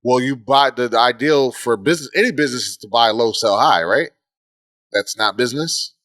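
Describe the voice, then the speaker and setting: Joking, profane dad on a podcast. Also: male voice, medium pitch, brisk, no room sound, clean studio sound. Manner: joking, profane, animated storyteller. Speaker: podcast co-host. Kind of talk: casual chat.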